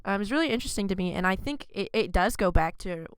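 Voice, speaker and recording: A woman's voice: medium pitch, fast, clean tone, dry recording. A young woman from Arkansas hosting a casual student podcast, rambling with fillers. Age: young adult. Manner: relaxed, rambling with many fillers. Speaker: podcast host. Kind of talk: casual chat.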